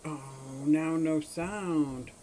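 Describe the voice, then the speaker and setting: A chatty, rambling livestream host from Pennsylvania talks about fish from a room full of tanks. The voice sits at a middle pitch, and the host greets viewers by name as they arrive. A faint hiss of noise sits under the camera mic. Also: steady tone, very slow, dark tone, poor audio. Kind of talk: casual livestream chat. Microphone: camera mic on a short cable.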